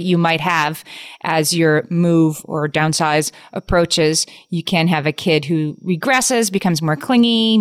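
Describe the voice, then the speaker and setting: Low-voiced woman, chatty podcast host. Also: clean tone, no echo, clean studio sound. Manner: chatty, jokey, quick asides. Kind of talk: casual conversational podcast.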